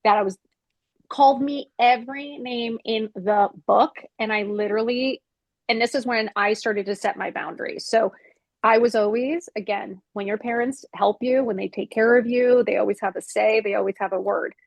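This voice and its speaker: A woman's voice: a little high, fairly even intonation, normal speed, vocal fry, no echo. A woman in her fifties, a podcast guest, telling a personal story in a frank, emphatic way and acting out old arguments. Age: 50s.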